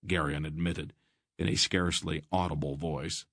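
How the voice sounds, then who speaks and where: A man narrating a fantasy audiobook in an even, measured storytelling voice. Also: a bass voice, creaky, dry recording, studio quality.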